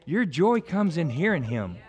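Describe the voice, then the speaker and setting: High-voiced, animated joking pastor. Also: male voice, a little slow. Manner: joking, animated, rambling with many restarts. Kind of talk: sermon.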